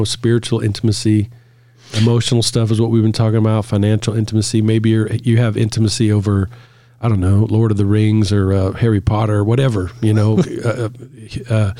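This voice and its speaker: A man's voice: fairly low pitch, a little fast, dry recording. A man, a couples therapist, talking casually on a podcast and telling stories with frequent laughs. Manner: relaxed storytelling, laughs often.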